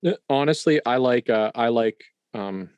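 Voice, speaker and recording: A man running a tabletop horror game as game master, describing the scene quickly with amusement. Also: medium pitch, a little mellow, clear, resonant tone, no echo, lo-fi sound.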